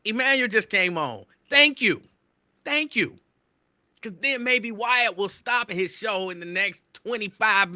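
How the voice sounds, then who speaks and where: Radio host, male, excitable near-yelling delivery, very bright voice, dry close mic. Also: high-pitched, no room sound. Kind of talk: live show shout-outs to listeners.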